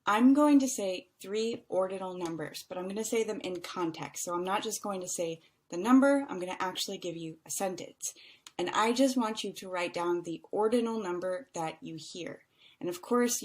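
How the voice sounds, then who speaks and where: A young adult woman teaching an online English lesson, explaining slowly and carefully and stretching out example words so learners can hear them. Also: fairly low pitch.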